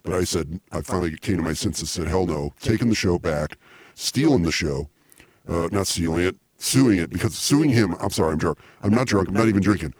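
A man hosting a comedy podcast, rambling excitably with many restarts. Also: deep voice, brisk, breathy edge, no room sound. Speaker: podcast host.

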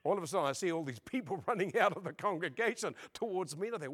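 Animated man preaching with humor. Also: high-pitched, quick pace, husky. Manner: animated and humorous, acts out voices and laughs. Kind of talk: storytelling sermon. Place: church service before a congregation.

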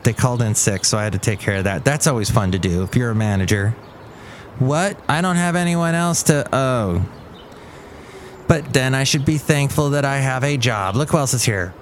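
A man's voice: medium pitch, a little hiss or hum. A man hosting his own show in a casual, rambling monologue, thinking aloud as he talks. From California. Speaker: host.

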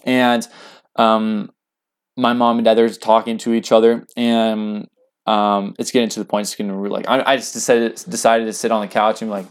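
A young man telling a personal story in casual speech, earnest and halting, with lots of fillers. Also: lowish voice, little pitch movement, clean tone. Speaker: guest.

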